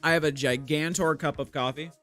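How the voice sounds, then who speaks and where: A man's voice: on the high side, fairly even intonation, fairly quick, fairly bright tone, faint music behind. A young man streaming his art live, chatting casually with viewers into a desk microphone, greeting them and cracking self-deprecating jokes.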